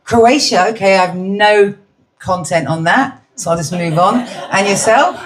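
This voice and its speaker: A woman's voice: medium pitch, a little slow. A middle-aged British woman doing stand-up, chatting cheekily with the audience. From Britain. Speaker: stand-up comedian. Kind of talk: stand-up crowd work. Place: comedy venue with live audience.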